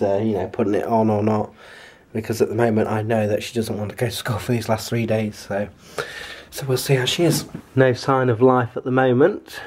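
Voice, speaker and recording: A man chatting casually to camera as a family vlogger, rambling in a homely way at home, recorded on a handheld compact camera. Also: slight background noise. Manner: chatty, rambling, homely; softer and lower on asides.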